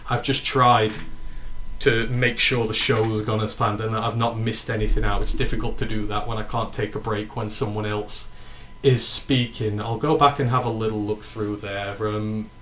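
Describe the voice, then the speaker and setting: In a lowish, slightly bright voice with a level tone and normal speed, this podcast host from northern England answers live chat questions on his casual sports show. He rambles and corrects himself as he goes, and some background noise is present.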